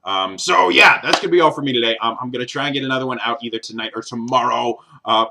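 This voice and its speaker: A man's voice: medium pitch, fast, creaky, noisy background. A man vlogging in a casual, rambling way, with many ums and uhs. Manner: rambling, many fillers and restarts. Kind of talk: casual vlog chat.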